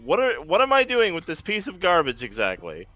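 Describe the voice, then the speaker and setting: A man running a tabletop role-playing game as game master, narrating scenes and calling the rolls in a lively way. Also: fairly high pitch, fairly quick, faint music behind. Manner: lively, animated narration and rulings.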